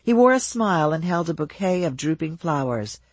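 A measured audiobook narrator carries the story at an even pace. The voice is husky and close, recorded dry. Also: mid-range voice, no echo.

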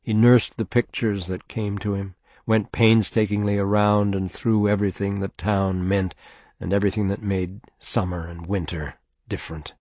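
A man narrating a novel in a steady, measured audiobook reading. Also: lowish voice, dry recording.

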